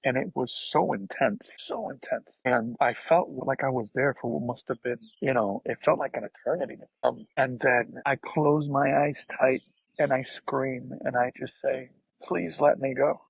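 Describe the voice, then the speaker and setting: Gravelly, husky man telling a story. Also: medium pitch, dry recording, dull audio. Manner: soft-spoken and halting, with frequent restarts. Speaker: podcast guest. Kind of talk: emotional personal storytelling.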